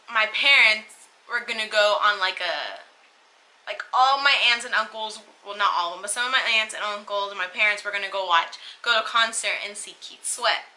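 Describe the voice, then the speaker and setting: Bright-voiced young woman vlogger. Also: medium pitch, rough recording. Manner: emotional, tearful retelling, halting. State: crying at times. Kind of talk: casual storytime.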